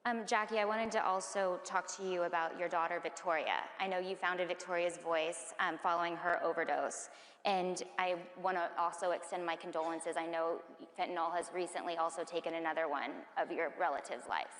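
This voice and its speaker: Woman moderating a panel, lowish voice, calm and careful, lots of hall echo. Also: a little fast. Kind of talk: panel interview questions. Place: large conference hall stage. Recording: echoey hall with long reverb.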